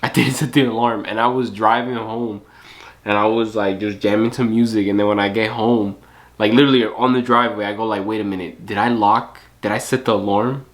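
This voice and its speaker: A man's voice: on the low side, fairly even intonation, a little fast. A man reacting to a video, chatting casually in laid-back slang and saying "bro" a lot.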